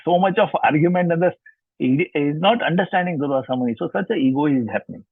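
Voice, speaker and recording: Husky man teaching over a call. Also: a little high, quick pace, no echo. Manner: explanatory, repeats and rephrases often. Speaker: scripture teacher. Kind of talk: storytelling scripture lesson. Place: online session from home. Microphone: video call. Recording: tinny video-call line.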